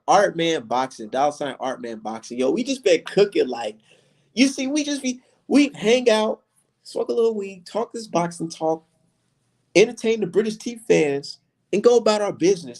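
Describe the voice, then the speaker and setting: Dude ranting on a boxing stream, voice jumps all over, pretty high, cussing nonstop. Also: male voice. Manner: profane, animated ranting. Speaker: boxing livestream host. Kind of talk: casual livestream chat.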